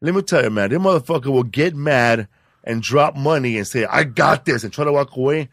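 A man co-hosting a podcast, telling a rowdy story in loose, profane casual chat that breaks into loud excited bursts. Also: mid-range voice, a little fast, dry recording, clean studio sound. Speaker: podcast co-host.

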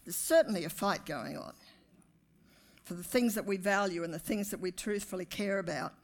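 A woman pastor, preaching a sermon to her congregation with animated, rising emphasis. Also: medium pitch, normal speed, vocal fry. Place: church.

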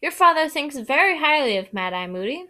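A woman's voice: fairly high pitch, fairly quick, fairly bright tone, natural voice. A woman reading aloud, voicing a firm, motherly witch in a busy household.

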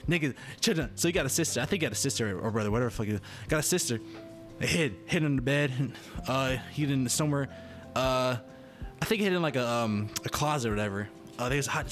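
A man's voice: medium pitch, quick pace, a bit bright, faint music behind. A man talking casually to his viewers in a rambling, profane monologue that keeps interrupting itself. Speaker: vlogger.

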